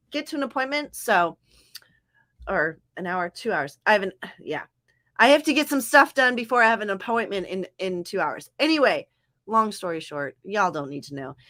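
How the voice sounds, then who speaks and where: A woman's voice: fairly high pitch, bright, forceful tone. A young woman from Southern California hosting a writing-sprint livestream, chatting loosely with viewers, rambling and correcting herself as she goes. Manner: rambling, self-correcting, talks to chat by name. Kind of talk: casual livestream chat to viewers.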